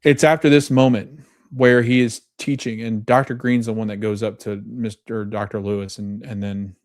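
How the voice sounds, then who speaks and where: A man's voice: lowish voice, little pitch movement, normal speed, darkish tone, dry recording, studio quality. A man hosting a podcast, retelling scenes in casual chat, reading quoted lines and often correcting himself. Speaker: podcast host.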